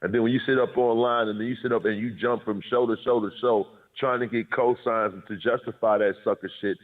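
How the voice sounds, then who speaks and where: A man's voice: mid-range voice, steady tone, brisk. Profane blunt man on a tinny line. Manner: profane, blunt, says he is aggressive and abrasive. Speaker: guest. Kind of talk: heated casual chat. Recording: tinny phone-like call line.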